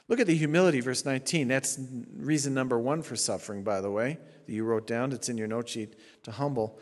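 A middle-aged man, a pastor, preaching a sermon emphatically, swinging between hushed and loud, sounding tired. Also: fairly high pitch, expressive, normal speed. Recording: long hall reverb.

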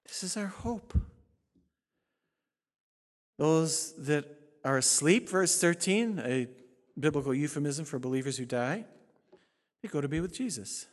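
Male pastor, fiery dramatic sermon delivery, a touch high-voiced, long church reverb. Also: animated, unhurried, long pauses. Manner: swings from shouting to hushed, dramatic preaching.

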